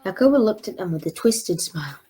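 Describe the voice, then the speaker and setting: Woman reading a story aloud. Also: medium pitch. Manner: measured, expressive reading. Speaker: storybook reader. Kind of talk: reading a book chapter aloud.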